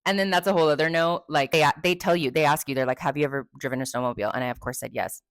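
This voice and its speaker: A woman's voice: sits low, racing, no room sound, studio quality. A young woman from Texas, hosting a podcast and telling a story casually, chatty and swearing freely with many fillers. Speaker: podcast host.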